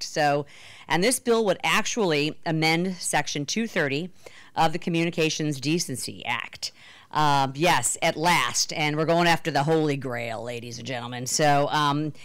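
A woman delivers a policy speech from a panel. Her voice sits low, and she presses her points emphatically while stumbling over fillers and restarts. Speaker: congresswoman speaking on a panel.

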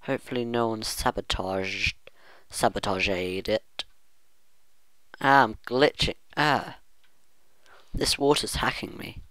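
This gaming channel host speaks slowly in a fairly low, slightly bright voice, pausing often, in a dry recording. His let's-play commentary wanders as he muses to himself about his gameplay and hums now and then.

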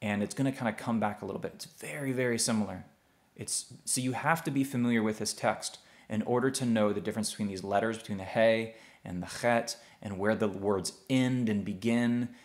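A young man with a fairly low voice explains a lesson at an unhurried pace. He breaks words into syllables and repeats them patiently. He often checks in with his listeners as he goes. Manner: slow, patient sounding-out of syllables; checks in often with "okay?" and "see that?". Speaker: teacher.

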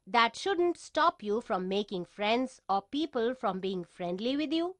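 A woman voicing the caring parents of a schoolboy in a children's storybook. They gently question him and give him advice. Her voice sits fairly high, close to the mic with no room sound. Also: animated, measured pace, no room sound. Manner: gently advising.

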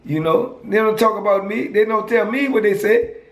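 A man's voice: high voice, moderate pace, reverberant, pitched above the performer's own voice, natural voice. Man doing a brusque Virgin Islands inmate. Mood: agitated. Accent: Virgin Islands Creole. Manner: dismissive, broken "me don't" talk.

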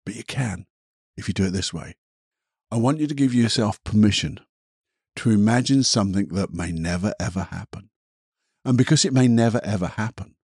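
A man hosting a reflective podcast, gentle and rambling, leading a guided imagination exercise with a soft laugh at himself. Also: medium pitch, breathy edge, dry recording, clean studio sound. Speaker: podcast host and therapist.

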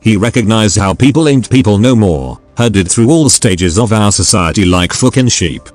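A man's voice: lowish voice, expressive, moderate pace, a little mellow, no room sound, soft background music, lightly acted. A synthetic male text-to-speech voice reading the lines of a drunk, masked male gang leader with a sneering, profane manner. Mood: preachy.

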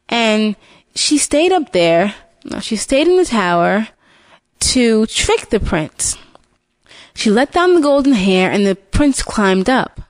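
A woman's voice: on the high side, no echo. A woman retelling a fairy tale from memory, often restarting and repeating words as she goes. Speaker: storyteller. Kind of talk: unscripted storybook retelling.

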